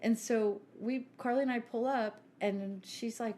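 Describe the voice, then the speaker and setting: Animated storytelling woman, middle-aged. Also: unhurried. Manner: animated, acts out quoted people with big pitch jumps. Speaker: podcast co-host. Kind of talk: casual storytelling chat.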